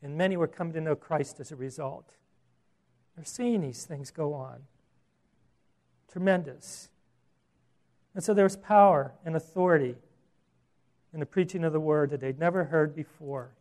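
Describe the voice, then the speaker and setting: Animated male pastor preaching. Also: on the high side, normal speed, long pauses. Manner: animated and conversational, with rhetorical questions. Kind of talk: sermon.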